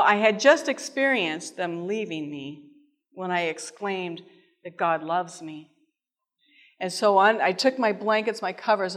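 A woman giving an earnest, emotional testimony sermon, retelling her own story and reading passages aloud. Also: mid-range voice. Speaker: speaker giving a testimony talk. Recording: long reverb from a hall.

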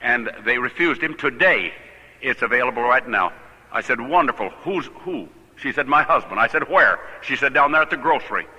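An older man, a pastor, telling a personal story in a sermon, animated and laughing at his own tale. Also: mid-range voice, brisk, breathy edge, big-room sound, rough recording.

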